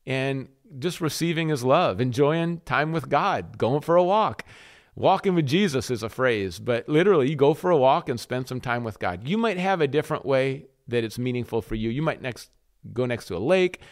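A man's voice: medium pitch, animated, moderate pace. A man hosting a faith podcast, preaching in an earnest sermon style with repeated rhetorical questions.

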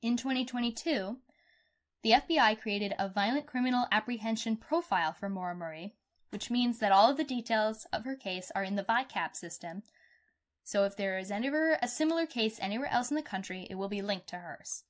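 A woman's voice: a little high, a little fast. Outspoken woman podcast host. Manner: expressive, outspoken, swears casually. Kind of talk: casual true-crime chat.

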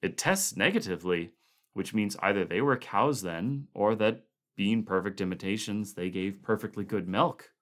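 A man's voice: on the low side, lightly acted. A man reading a grim, weary expedition leader. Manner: measured and soft-spoken.

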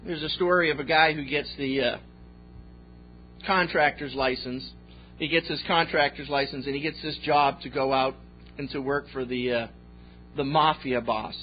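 A man's voice: mid-range voice, steady tone, moderate pace, soft background music. A man pastor preaching a sermon with folksy storytelling and jokes, on a slightly dull recording.

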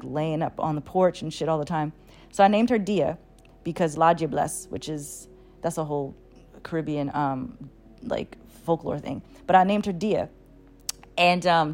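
A woman casually telling a long personal story, animated, with plenty of fillers and swearing. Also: sits low. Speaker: channel host.

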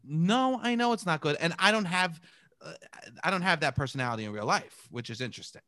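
A man's voice: fairly high pitch, expressive, a little fast, bright, forceful tone, dry recording, studio quality. A man with a thick New York accent, hosting a playful, self-mocking casual chat. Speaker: host.

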